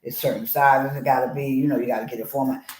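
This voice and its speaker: A woman author telling a personal story in an animated way, acting out the voices of the people in it. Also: very deep voice, quick pace, reverberant, low-quality recording. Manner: expressive, acts out voices in her story. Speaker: author guest.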